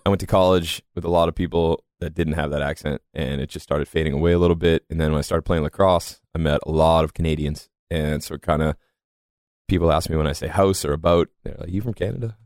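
A man's voice: extremely low pitch, little pitch movement, quick pace, a little mellow, no room sound, studio quality. A young man from north of Boston with a faded Boston accent, a podcast guest telling stories in casual chat and laughing often. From just north of Boston. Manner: laughs often, rambling storytelling.

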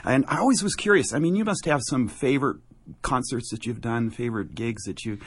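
A man's voice: medium pitch, brisk, slightly rough. A man hosting a radio show, introducing and questioning a guest in an effusive way. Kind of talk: casual radio interview.

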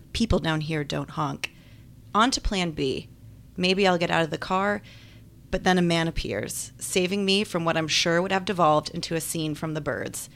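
A woman's voice: on the low side, a bit bright. Wry woman narrating an audiobook. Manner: wry, chatty, self-deprecating. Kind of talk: first-person audiobook narration.

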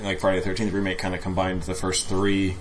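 A man's voice: sits low, completely flat delivery, fast talker, slight background noise. A man co-hosting a casual movie commentary, wisecracking and profane. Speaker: podcast co-host.

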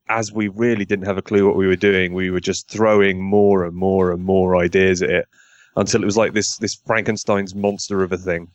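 A man with a low voice talks through his project as a podcast guest, rambling and self-deprecating, often restarting his sentences. The sound is dry and close, with no room around it. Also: no room sound, dull audio. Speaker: podcast guest, game designer. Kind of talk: casual interview chat.

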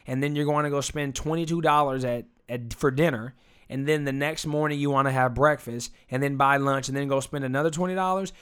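A man's voice: mid-range voice, steady tone, a little fast, fairly bright tone, clean tone. A young man co-hosting a casual chat, dry and teasing, playing mock-defensive. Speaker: podcast co-host.

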